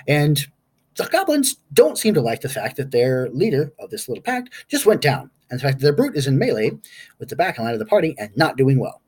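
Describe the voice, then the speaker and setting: Male game master, husky and animated, casual rambling session recap. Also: fairly high pitch, brisk. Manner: rambling, stops to recall names aloud.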